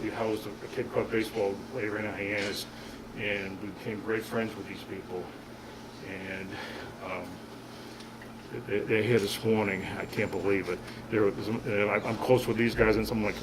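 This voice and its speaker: A man's voice: on the low side, far from the mic, very noisy. Man in his fifties giving a heartfelt retirement speech. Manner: rambling and heartfelt, with frequent restarts. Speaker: retiring police officer. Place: room at a gathering.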